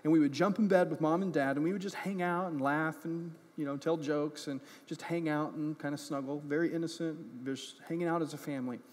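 A man's voice: on the high side, steady tone, brisk, few pauses, darkish tone. A man preaching a sermon as pastor, impassioned and earnest, often repeating words as he builds a point. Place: church. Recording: echoey church hall.

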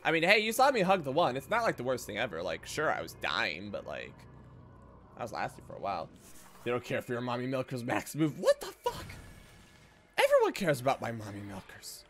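A man's voice: mid-range voice, brisk. A man streaming video games, commenting live, swearing often and slipping into silly voices. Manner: excitable, swears a lot, jumps into silly put-on voices.

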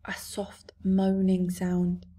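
A woman reading out a kindly giant from a storybook, earnest and gentle. He mangles his grammar in an odd, endearing way. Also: medium pitch, steady tone, normal speed, close to an everyday voice. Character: big friendly male giant, gentle, muddled grammar.

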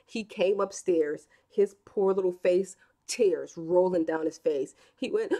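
A woman's voice: mid-range voice, animated, takes it slowly, mellow. A woman in her thirties hosting a live stream in a casual, chatty way, reading comments and telling stories with acted quotes. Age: 30s.

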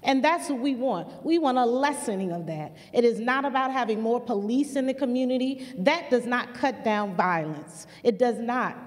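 A woman's voice: a little high, lively intonation, normal speed, few pauses. A woman who leads a community center, giving impassioned public remarks with earnest, repetitive emphasis. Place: museum auditorium. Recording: long hall reverb.

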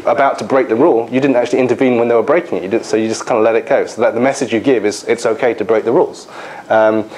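A man's voice: medium pitch, darkish tone, poor audio. A man giving a lecture, telling workplace stories with many fillers and restarts. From England. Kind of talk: anecdotal lecture.

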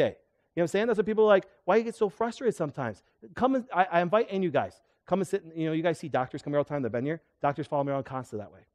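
Middle-aged man, chiropractor lecturing a crowd, fairly high voice, animated, question-and-answer style. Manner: animated, asks the audience questions. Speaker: chiropractor giving a health talk. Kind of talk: live seminar lecture to an audience.

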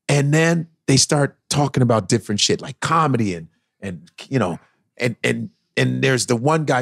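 A man, a comedian guest on a podcast, telling animated stories with lots of cursing and impressions. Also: mid-range voice, normal speed, creaky, slightly rough, no room sound, clean studio sound. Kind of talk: casual podcast storytelling.

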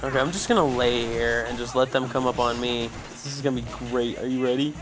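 A young man doing loud, excitable let's play commentary, swearing and yelling at the game. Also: mid-range voice, fast talker, music in the background. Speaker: gamer.

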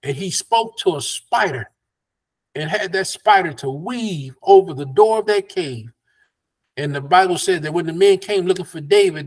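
A man, a pastor teaching a Bible study over a video call in a folksy, preacherly way. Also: a little high. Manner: preacherly, folksy, laughs between points.

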